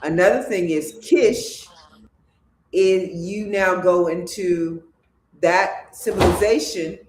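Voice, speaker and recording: A livestream host speaks in an emphatic, preachy way, leaning into slow, deliberate phrasing. Lines often build up to loud declarations. The voice sits in an echoey room with a faint hiss behind it. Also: medium pitch. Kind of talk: spiritual talk show monologue.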